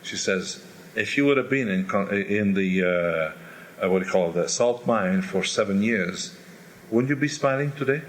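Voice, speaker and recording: An older man, an opera singer, candidly telling animated stories in an interview and imitating crowd noises. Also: on the low side, moderate pace.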